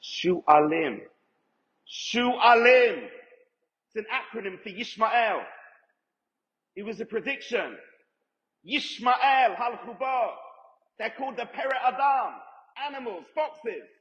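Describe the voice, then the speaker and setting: A man teaches as a rabbi before a live audience, emphatic and quizzing the listeners as he goes. His voice sits a little high. The recording is dull and lo-fi, with a long reverb from a large hall. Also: animated, unhurried, long pauses, fairly bright tone. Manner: emphatic, asks the audience questions. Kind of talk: Torah lecture to a live audience. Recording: echoey hall, dull lo-fi sound.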